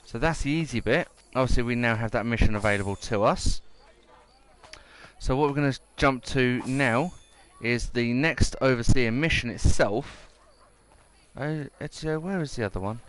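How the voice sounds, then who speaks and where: Male gameplay commentator, casual and rambling, mid-pitched, reads objectives aloud. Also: moderate pace, a bit bright.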